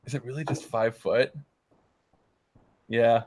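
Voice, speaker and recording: His voice is medium in pitch, steady and somewhat dark, and he takes his time. Playing a casual tabletop game, he hesitates over his turn, filling pauses with um.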